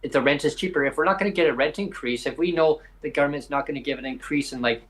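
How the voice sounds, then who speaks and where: Here a British Columbia podcast host, heard through low-quality audio, talks fast in a fairly high, slightly bright voice. It's a live advocacy segment, and he rambles emphatically with frequent hesitations.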